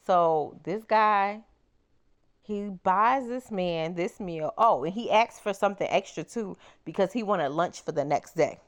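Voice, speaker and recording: A woman crochet vlogger chatting casually as she tells a personal story, animated and exclaiming. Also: fairly low pitch, normal speed.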